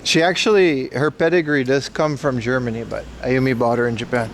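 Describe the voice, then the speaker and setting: A man's voice: mid-range voice, steady tone, fairly quick, slight background noise. A man hosting a casual outdoor livestream, joking and answering chat questions aloud as he walks city streets. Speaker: livestream host.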